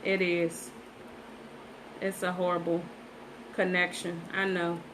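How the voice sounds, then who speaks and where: A woman's voice: fairly low pitch, flat delivery, takes it slowly, background noise. A woman hosting a casual painting livestream from her phone, chatty and repetitive, talking straight to her viewers. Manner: chatty, repeats herself, talks straight to viewers. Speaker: livestream host painting sunflowers. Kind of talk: casual live-stream chat while painting.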